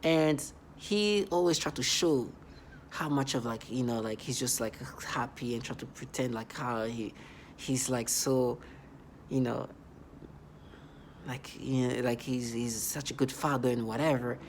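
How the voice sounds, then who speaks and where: A vlogger speaking in a halting, repetitive, accusatory monologue. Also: mid-range voice, slight background noise. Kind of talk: angry vlog monologue.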